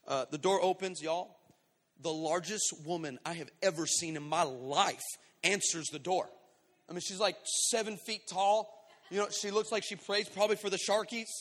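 A high-voiced man with a bright, forceful tone preaches a lively storytelling sermon. He acts out the voices in his story and swings between shouts and quiet asides. The sound carries a long reverb from a large hall. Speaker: pastor.

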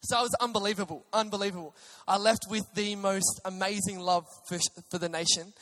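A young man, a preacher, telling an excitable personal testimony story with many restarts. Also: high-pitched, brisk. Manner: animated, excitable, with frequent restarts.

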